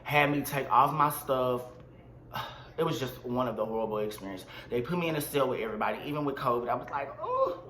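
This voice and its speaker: A man telling a storytime vlog in an animated, slangy and dramatic way. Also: medium pitch, quick pace, reverberant. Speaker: vlogger.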